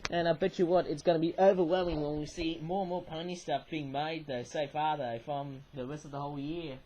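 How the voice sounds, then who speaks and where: A man's voice: a little high, steady tone, a little fast, warm tone, lo-fi sound. A British man reviewing toys in a rambling, chatty way, full of fillers and tag questions, with a cold and sore throat, talking to a webcam at home. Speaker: toy reviewer. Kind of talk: casual toy review chat.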